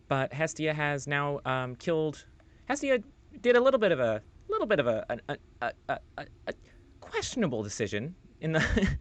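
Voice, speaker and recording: A man's voice: fairly high pitch, fairly bright tone. Rambling man streaming a role-playing game. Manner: rambling and loose, swears casually; reads game text aloud. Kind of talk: casual gameplay commentary.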